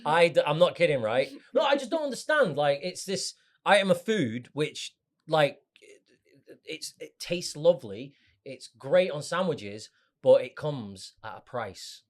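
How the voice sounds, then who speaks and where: A man from Manchester with a Mancunian accent, chatting casually as a podcast co-host. His pitch swings a lot as he jokes and rambles, often with his mouth full. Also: sing-song, a little slow. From Manchester, England. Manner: jokey, rambling, talks while eating. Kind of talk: casual chat over food.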